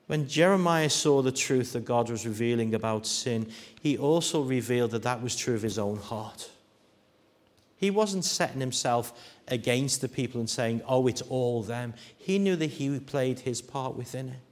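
A man preaching a sermon at a middle pitch. He swings between hushed, grave lines and loud, ringing quotes that he acts out. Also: a little slow. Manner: dramatic shifts from hushed to loud, acting out quoted voices.

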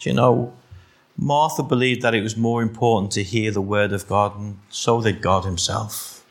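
A middle-aged Liverpool man with a medium-pitched, slightly bright voice preaches a sermon in a Scouse accent. He fires rhetorical questions at the congregation and slips in teasing asides.

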